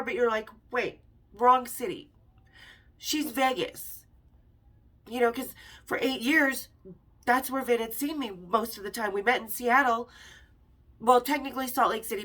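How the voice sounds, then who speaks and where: A woman's voice: on the high side, a bit bright, recorded from a distance. A middle-aged woman hosting a podcast, telling a story in a casual, frank and profane way and acting out the quoted dialogue. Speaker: podcast host.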